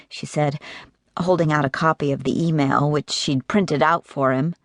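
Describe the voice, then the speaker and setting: A woman reading romance narration for an audiobook in a measured, even way. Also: sits low, no echo, studio quality.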